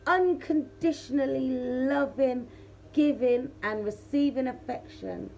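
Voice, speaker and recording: Chatty woman tarot reader, high voice. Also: takes it slowly, vocal fry, a little mellow, a little hiss or hum. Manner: chatty, laughs often, addresses viewers directly. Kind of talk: casual tarot reading chat.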